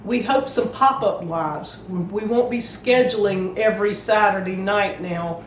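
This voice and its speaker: A woman's voice: mid-range voice, measured pace, echoey room, recorded from a distance, a little hiss or hum, rough recording. Older Southern woman, plainspoken and homey. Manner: plainspoken, homey, explains things. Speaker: homestead channel co-host. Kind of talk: casual chat to viewers.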